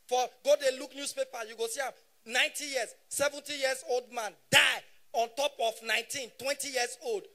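A man in his thirties with a Nigerian Pidgin English accent, doing live stand-up comedy on stage and shouting punchlines in bursts. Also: very high-pitched. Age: 30s.

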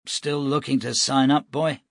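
A man doing a measured militia captain. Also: medium pitch, little pitch movement, creaky, dry recording, clean studio sound, voice pushed up. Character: tall, easygoing middle-aged male militia captain.

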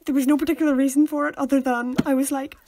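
Young female podcast co-host, high-pitched, chatty and teasing. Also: flat delivery, quick pace, warm tone, a little hiss or hum. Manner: chatty, sets scenes and teases, laughing often. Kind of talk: casual chat.

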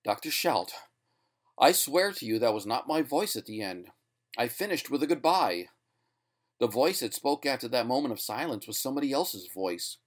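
A frightened male ventriloquist who pleads in a strained, shaky voice, acted out by a man. His pitch sits higher than a plain reading voice, and he keeps pushing for belief. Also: big pitch swings, normal speed, lightly acted. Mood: tense. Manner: pleading, strained, rising to screams.

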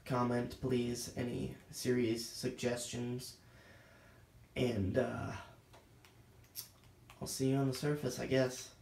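A man rambles through his gameplay commentary in a slow, gravelly voice, losing his train of thought and mocking himself. He sounds a little winded. The recording is roomy and echoey, with a faint hiss of background noise underneath. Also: medium pitch, little pitch movement. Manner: scattered, self-deprecating, thinks out loud. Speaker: gaming channel host.

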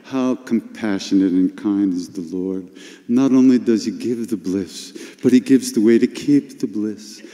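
Older man, retreat talk, slow, dark mellow voice, long hall reverb. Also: lowish voice. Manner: unhurried, confessional, emotional storytelling with sudden animated bursts. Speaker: spiritual teacher at a retreat workshop. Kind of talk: storytelling talk.

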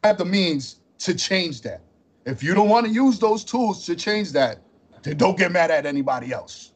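A man's voice: sits high, animated, normal speed, husky. A man hosting a podcast, talking bluntly and confrontationally with streetwise slang. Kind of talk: heated podcast conversation.

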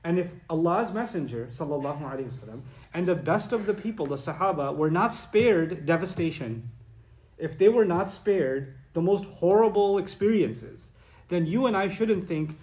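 Animated high-voiced male preacher. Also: moderate pace, echoey room. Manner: animated and conversational, acting out quoted voices; recites Arabic verses and sources. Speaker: Islamic preacher. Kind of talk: lecture-style sermon.

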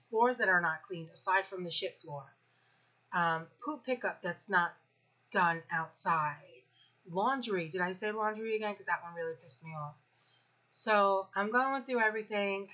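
A woman's voice: fairly low pitch, pushed and bright, dull audio. A woman in her fifties venting candidly about family life, blunt and profane with a sarcastic edge. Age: 50s. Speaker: parenting vlogger.

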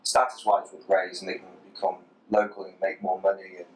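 Male interviewer, conversational and leading, lowish voice, roomy echo. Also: completely flat delivery, a little fast. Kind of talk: casual interview. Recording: roomy echoey recording.

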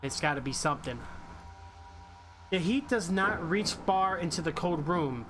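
A man streaming a horror game live, reacting excitably and reading on-screen text aloud. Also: fairly high pitch, a little slow. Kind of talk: live horror gameplay commentary. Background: game music.

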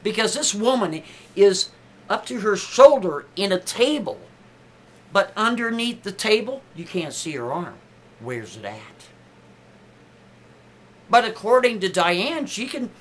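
A man telling a made-up story in a casual, chatty way, pushing his pitch up for emphasis. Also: very animated, measured pace, a bit bright.

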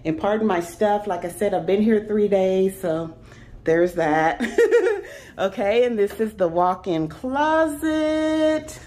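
A young adult woman talks straight to her viewers as she walks through her apartment. She is chatty and enthusiastic, and her voice sounds mellow and warm, recorded on a handheld camera indoors. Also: mid-range voice, normal speed, hardly any pauses. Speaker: vlogger. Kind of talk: casual apartment tour vlog. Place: indoors in an apartment, walking room to room.

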